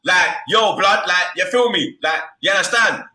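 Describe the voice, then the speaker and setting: A man's voice: high-pitched, moderate pace. A young man in heated football banter, swearing hard and tagging nearly every phrase with street slang. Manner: loud, swearing, repeats street slang tags. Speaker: football podcast co-host. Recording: echoey room.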